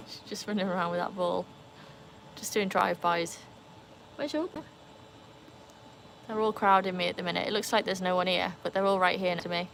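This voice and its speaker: A woman's voice: lowish voice, steady tone, moderate pace, gravelly, long pauses, fairly bright tone, a little hiss or hum. A woman with a Welsh accent hosts a casual livestream outdoors by a pool, chatting to viewers and reading their comments over a phone. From Wales. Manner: chatty, reads and answers comments. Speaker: livestream host. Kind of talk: casual live chat.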